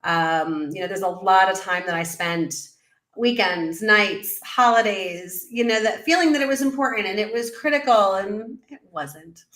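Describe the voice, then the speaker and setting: A middle-aged woman, a business coach guest in an interview, telling her story in an animated way and acting out her own past remarks. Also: medium pitch, unhurried, roomy sound. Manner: animated storyteller, quotes herself in lively voices. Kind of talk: conversational interview.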